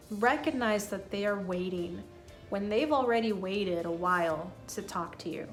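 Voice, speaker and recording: A woman teaching English in a calm, clear, unhurried way, carefully modelling phrases for her learners. Her voice sits at a middle pitch. Faint music plays behind her. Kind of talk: online English lesson.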